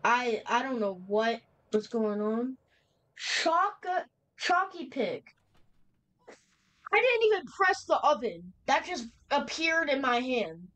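Young woman, horror let's-play commentary, raised pitch, unhurried delivery, nervous slangy reactions. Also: big pitch swings, a bit bright, poor audio. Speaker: gamer playing a horror game.

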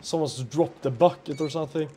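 A man's voice: fairly high pitch, a little fast, dark tone, breathy edge. A man playing a horror game for a let's play, talking to himself in a jumpy, nervous way, swearing and laughing nervously.

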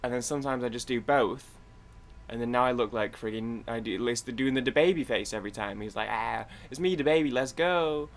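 Brief: young male gaming host, chatty rambling commentary, mid-pitched, stumbles over words. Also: quick pace. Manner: rambling, chatty, talking to himself. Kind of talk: gameplay commentary.

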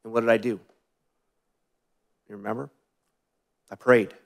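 A male pastor preaches in a fairly low, gravelly, level voice, unhurried as he shares personal stories conversationally. He asks the congregation questions and often drops into quieter asides.

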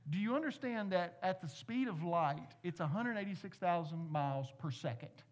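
A man's voice: high-pitched, animated, moderate pace. Conversational male pastor preaching. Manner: conversational, asks the congregation questions, playful asides. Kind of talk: sermon.

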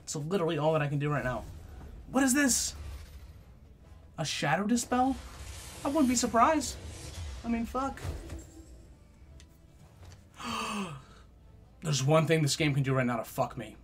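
Young male gamer, lively swearing commentary, game music faintly under. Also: a little high, a little slow, long pauses. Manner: profane, trash-talking, swings between loud outbursts and mutters. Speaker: gaming YouTuber. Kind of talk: live gameplay commentary.

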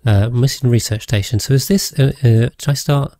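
A man's voice: mid-range voice, moderate pace, warm tone. A man rambling casually as he streams a game, thinking aloud and thanking his viewers. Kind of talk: casual gameplay livestream chat.

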